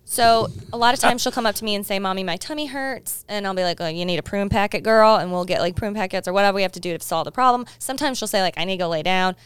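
A woman's voice: medium pitch, very fast, hardly any pauses, clean tone, no room sound. A woman in her thirties, co-hosting a casual chat, telling a story and quoting her kids' lines, with frequent laughs. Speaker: podcast co-host.

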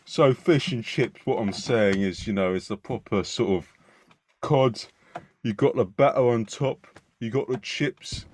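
A man's voice: mid-range voice, measured pace, a little mellow, a little hiss or hum. A man hosting a comedy podcast in a hammy, put-on London accent, playful and chatty. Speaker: podcast host.

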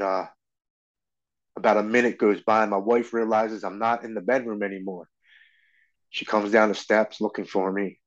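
Man in his forties, low voice, earnest halting storytelling, dull lo-fi sound. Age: 40s. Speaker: podcast guest. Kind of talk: personal recovery story.

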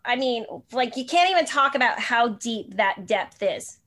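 A woman's voice: on the high side, animated, normal speed, a bit bright. A woman hosting a casual podcast chat, talking in a rambling way full of fillers. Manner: rambling, many fillers like "like" and "you know". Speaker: host.

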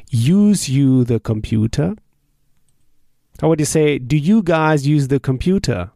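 A man teaching a language drill lesson. He asks a question, then answers it and repeats the phrases slowly and patiently. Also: on the high side, animated, vocal fry, dark tone, no echo, studio quality. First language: German.

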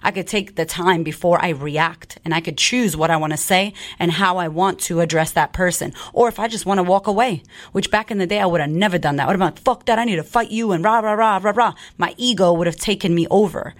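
A woman's voice: on the low side, a little fast, few pauses. A woman podcast host and coach talking in a blunt, profane, fired-up way in a casual monologue.

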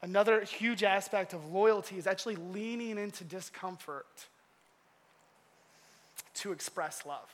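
Animated young man preaching in a hall. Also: high voice, unhurried, long pauses. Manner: animated, laughing, filler-heavy storytelling. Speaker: youth pastor. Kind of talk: casual sermon storytelling. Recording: long hall reverb.

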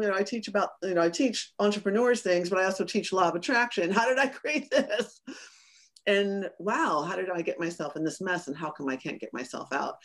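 A woman business coach with a medium-pitched voice tells a personal story in a casual interview. She is animated, often acting out her own remarks and quoted lines with laughs.

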